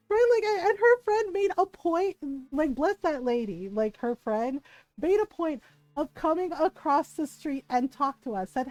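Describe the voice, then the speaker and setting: A woman with a high voice tells an animated story to her stream, laughing often and tossing in "right?" every few lines. The sound is close and dry. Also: unhurried, no room sound, soft background music. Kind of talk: casual storytelling chat.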